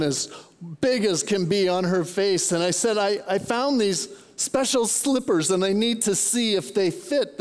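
Older pastor, fairly high voice, chatty storytelling sermon, long hall reverb. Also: male voice, clean tone. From Southern California. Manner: storytelling, conversational with restarts. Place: large church auditorium.

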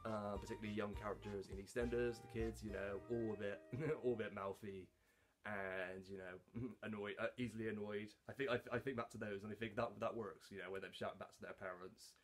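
A man talking casually about his hobby voice work, halting, with lots of fillers and restarts. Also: fairly low pitch, fairly even intonation, soft background music. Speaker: hobby voice actor. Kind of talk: casual talk to camera.

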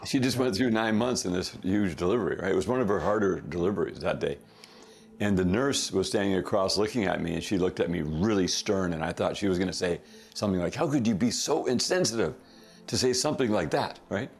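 A middle-aged man casually telling a family story as a podcast guest, chuckling often and throwing in quick asides. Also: low-pitched, vocal fry, slightly rough.

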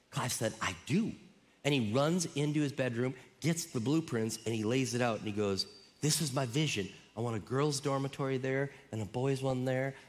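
A man preaching a sermon as a pastor, telling stories with lively quoted voices. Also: fairly high pitch. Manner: animated storytelling, acting out quoted voices. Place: church auditorium. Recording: reverberant church hall.

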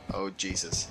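A man's voice: deep voice, vocal fry. A man playing a horror game and commenting live, swearing constantly and yelping in panic. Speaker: let's play gamer.

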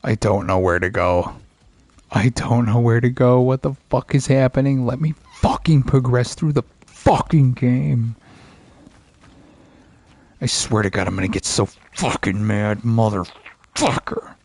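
A man's voice: mid-range voice, unhurried, pauses often, a little mellow, slightly rough, no echo. A man giving profane, frustrated commentary while playing a video game. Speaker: gaming streamer. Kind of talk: casual let's play commentary.

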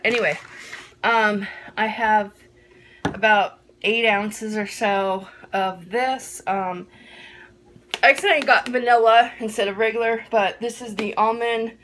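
A woman's voice: fairly high pitch, unhurried, fairly bright tone, a little hiss or hum. A woman in her forties chatting casually to camera as a vlogger, rambling with lots of ums. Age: 40s.

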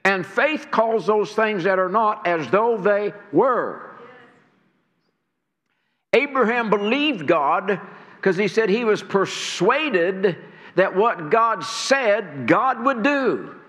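A man's voice: high voice, lively intonation, slow, a bit bright. A man preaching a sermon to a church congregation, earnest and stirring, often repeating words as he builds. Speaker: pastor. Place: church sanctuary. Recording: long hall reverb.

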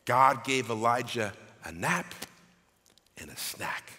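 Pastor, male, slow and deliberate sermon delivery, in a big reverberant sanctuary. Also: mid-range voice. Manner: animated preaching, reading scripture aloud. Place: church sanctuary. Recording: long hall reverb.

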